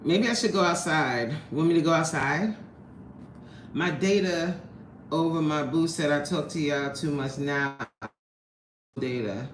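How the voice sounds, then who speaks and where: A woman hosting a casual live stream, chatting and greeting viewers, laughing often, indoors at her workplace. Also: deep voice. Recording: roomy echo, faint background noise.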